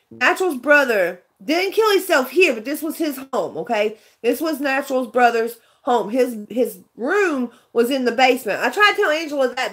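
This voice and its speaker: Woman, casual live vlogger, rambling earnest storyteller, slightly high voice. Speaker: vlogger chatting with viewers. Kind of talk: casual livestream chat.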